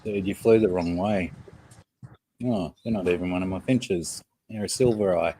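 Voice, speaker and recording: A man's voice: low voice, normal speed, warm tone, slight background noise, low-quality recording. A man with an Australian accent, hosting a casual livestream and greeting chat viewers by name. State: has a headache. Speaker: livestream host.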